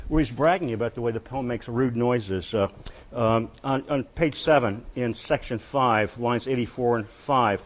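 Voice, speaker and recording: A man lecturing on literature as a university professor, speaking in a halting way with many pauses and restarts. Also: mid-range voice, lo-fi sound.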